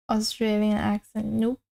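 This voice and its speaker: A woman's voice: medium pitch, completely flat delivery, slow, vocal fry, mellow, low-quality recording. A woman streamer chatting casually while drawing, rambling and self-deprecating, often trailing off mid-sentence. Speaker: art streamer.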